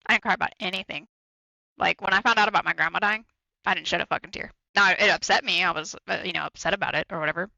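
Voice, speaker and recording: Gravelly, bright-toned blunt man. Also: high voice, quick pace, no room sound, lo-fi sound. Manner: blunt, swears freely, repeats himself. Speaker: podcast co-host. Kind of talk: candid casual chat.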